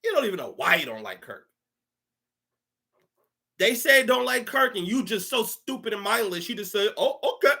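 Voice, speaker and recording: A man's voice: high voice, big pitch swings, normal speed, creaky, long pauses, pushed and bright. A man ranting on a livestream, preachy and heated, often stammering and restarting his sentences. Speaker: livestream commentator. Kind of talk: emotional livestream rant.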